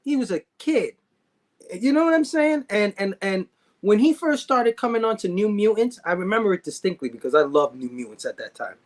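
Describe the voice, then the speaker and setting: A man appearing as a guest in a casual conversation, talking in a laid-back, agreeable way and often chiming in with quick agreement. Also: high voice, expressive. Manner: laid-back, agreeable, frequent "yeah" and laughter.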